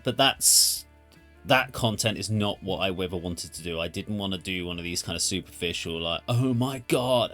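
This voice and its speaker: A man with a very low voice talks casually about his own channel. He thinks aloud and often corrects himself as he goes. Faint music plays underneath. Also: pushed and bright. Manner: thoughtful, rambling, self-correcting. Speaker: music reaction channel host. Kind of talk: casual spoken commentary.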